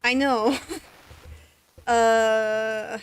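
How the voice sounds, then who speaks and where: A woman's voice: on the high side, little pitch movement, drawn-out words, clear, resonant tone, no echo, low-quality recording. A woman streaming a video game, chatting casually and playfully, often breaking into laughter and swearing now and then.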